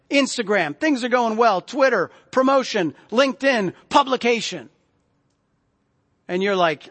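A man preaching a sermon in a conversational way, often dropping to soft, low tones for emphasis. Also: moderate pace. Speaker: pastor. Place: church sanctuary. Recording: long reverb of a large hall.

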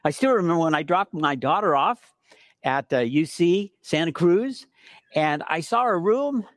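A middle-aged man preaching a sermon, telling stories with emphatic repetition and shifting between hushed and forceful delivery. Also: on the high side, normal speed, dry recording, studio quality. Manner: storytelling preacher, emphatic repetitions, animated swings from soft to loud. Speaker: pastor.

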